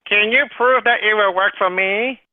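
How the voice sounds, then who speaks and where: A man's voice: sits high, normal speed, no echo, pitched above the performer's own voice, natural voice. A man putting on a whiny voice to play a male sales prospect raising objections. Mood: whining. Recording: tinny phone-like call audio.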